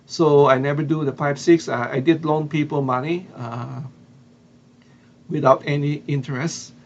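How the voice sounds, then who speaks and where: A man's voice: a little high, fairly even intonation, a little slow, muffled recording, slight background noise. A man from the Philippines with a Filipino accent, telling a story casually with lots of fillers and restarts. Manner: hesitant, many fillers and restarts. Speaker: vlogger.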